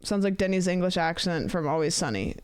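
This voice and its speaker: A woman's voice: on the low side, animated, fairly quick, smooth. An American woman streaming live, chatting in a playful, rambling way. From United States. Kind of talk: casual live-stream chat.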